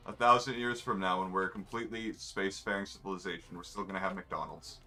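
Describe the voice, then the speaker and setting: Soft background music accompanies a man's quick, low voice, which stays steady in tone yet sounds sharp. Streaming a race, he gives laid-back commentary full of wry, offhand asides about the game.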